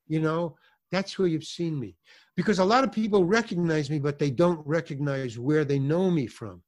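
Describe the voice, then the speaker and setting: A man's voice: a little high, normal speed. Older man telling stories with acted voices. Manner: animated, acts out voices in anecdotes, many fillers and restarts. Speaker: guest actor and comedian. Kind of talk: storytelling in a casual interview.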